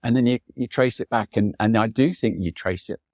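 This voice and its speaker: Man, low voice, rambling anecdotes, acts out quoted people, dry close sound. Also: fairly quick, darkish tone, no room sound. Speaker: photographer, podcast guest. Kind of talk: reflective storytelling in conversation.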